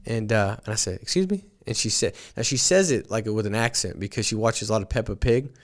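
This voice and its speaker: Hosting a morning podcast, this sales team leader speaks a little fast with a voice on the low side. His earnest, motivational talk is full of stories, and he frequently restarts by repeating words.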